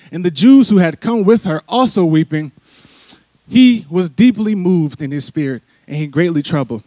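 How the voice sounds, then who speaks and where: A man's voice: on the high side, darkish tone, no room sound. A middle-aged man from Philadelphia preaching a sermon, conversational and full of "right?" asides. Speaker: church speaker. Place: church sanctuary.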